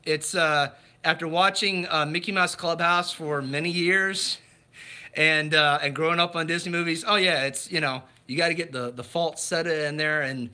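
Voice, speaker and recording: A man in his thirties hosting a livestream, chatting casually and reading viewer comments, often halting with fillers and restarts. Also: a little high, expressive, sharp tone, slight background noise. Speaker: livestream host.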